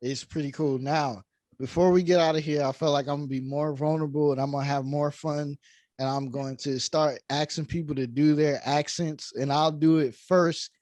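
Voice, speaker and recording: A man hosting a podcast, chatting in a relaxed, enthusiastic way. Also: on the high side, normal speed, no echo, clean studio sound. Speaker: podcast host. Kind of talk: casual conversation.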